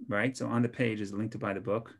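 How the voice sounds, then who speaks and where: A man's voice: fairly low pitch, steady tone, fast talker. A man, a rabbi, teaching an informal online Torah class in a conversational way, often repeating and restarting his words.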